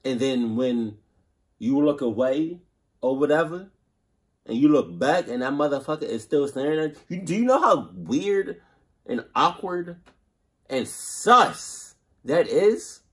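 A man hosting a reaction video, talking in animated, profane, slangy banter. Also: on the high side, slow, slightly rough. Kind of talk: casual reaction commentary.

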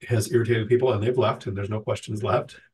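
A man's voice: fairly low pitch, flat delivery, fast talker, darkish tone, distant mic. A man hosting a casual livestream Q&A, slightly nasal from getting over a cold, reading viewer questions and answering them at length in a plain-spoken way.

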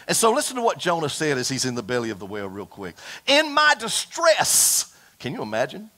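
A man preaching a fiery sermon to his congregation, folksy and animated, calling out for amens. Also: medium pitch, rapid-fire. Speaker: pastor. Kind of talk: impassioned Pentecostal-style sermon. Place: church service before a congregation.

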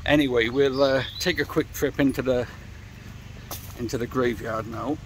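A middle-aged man vlogging about motorcycles walks around outside near a church and graveyard, chatting casually and rambling directly to viewers. His medium-pitched voice keeps fairly even intonation at a moderate pace, with slight background noise.

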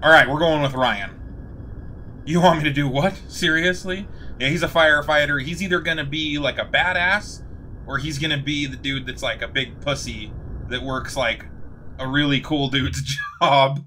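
A young man narrating his gameplay in an excited, casual way, joking and swearing, with game music playing behind him. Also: mid-range voice, unhurried, slight background noise. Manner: hyped, swears a lot, jokes at the game. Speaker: gaming video creator. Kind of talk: excited let's-play commentary. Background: game music and sound effects.

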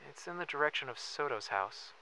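An actor playing an earnest, polite young male investigator who speaks in a gently reassuring way. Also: on the high side, animated, brisk, close to an everyday voice. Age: young adult. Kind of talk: analog horror audio drama. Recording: noisy background hiss.

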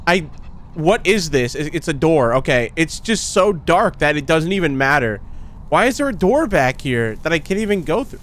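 A young gaming YouTuber chats casually while playing a horror game, often saying "dude" to viewers and shrieking when startled. His voice is fairly high, a bit bright and sing-song, at a moderate pace.

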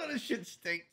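A man vlogging a spicy food challenge, excitable and swearing, groaning and coughing as the heat hits him. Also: extremely high pitch, husky. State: in pain from heat, teary. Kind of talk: casual food challenge vlog.

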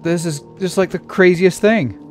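Guy doing a spooky game playthrough, kinda high voice, goes from whispery to yelling, faint music behind. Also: moderate pace. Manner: theatrical, swinging from hushed to shouting panic. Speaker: let's player. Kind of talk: acted creepypasta gameplay narration.

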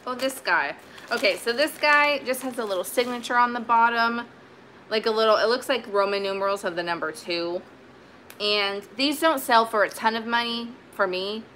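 A chatty woman talks through her thrift finds in an easy, rambling way, full of fillers and restarts. Her voice is bright and forward, with a faint hiss in the background. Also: medium pitch. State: sweaty, warm. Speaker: vintage reseller. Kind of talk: casual haul video chat.

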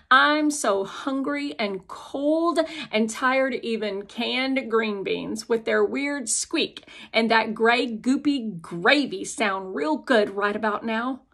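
A woman's voice: a little high, slow pace, fairly bright tone. A woman reading an audiobook aloud in the first person, speaking as a young girl telling her own story. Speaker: audiobook narrator.

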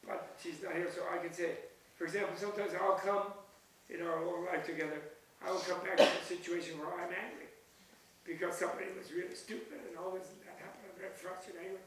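A man's voice: high-pitched, steady tone, quick pace, a crowd in the background. An older man giving an informal, digressive Buddhist talk at a retreat, chatty and laughing at his own jokes. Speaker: Buddhist teacher leading a retreat session. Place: retreat hall. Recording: echoey hall recorded from a distance, faint hiss.

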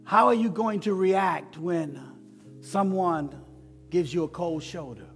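A male pastor delivers a sermon, his high voice unhurried and drawn out. He builds in waves of repeated questions. The sanctuary rings with long reverb over soft instrumental music. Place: church sanctuary.

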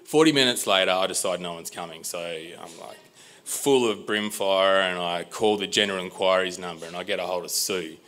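With a deep voice and a brisk delivery, an Australian man shares a personal tale live. He acts out dialogue, swears, and comes across as animated and fed up.

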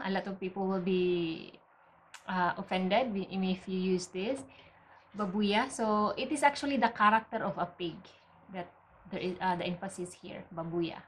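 A woman's voice: mid-range voice, slight background noise, rough recording. Woman teaching a patient language lesson. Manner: patient, explains step by step, often checks with "okay?".

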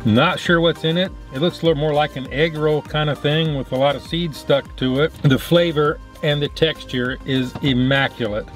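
A man casually reviewing fast food in his car, enthusiastic and talking with his mouth full. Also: fairly high pitch, fairly even intonation, faint music behind.

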